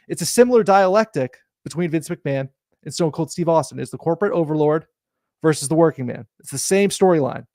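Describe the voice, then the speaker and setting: Man, sports talk host, insistent, debating, pitched a bit high. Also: a little fast, a little mellow, dry recording, clean studio sound. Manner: insistent, argues by building analogies.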